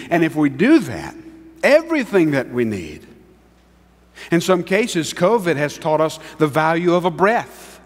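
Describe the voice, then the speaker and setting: A male pastor preaching a sermon, swinging between hushed, drawn-out words and raised, emphatic lines. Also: a little high, in a large hall.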